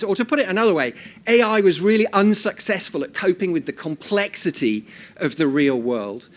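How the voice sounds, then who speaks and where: Dry-humored middle-aged man, higher voice. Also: expressive, normal speed. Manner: dry, self-deprecating humor. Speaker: invited speaker. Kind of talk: after-dinner humorous talk. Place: event hall before an audience. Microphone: handheld microphone.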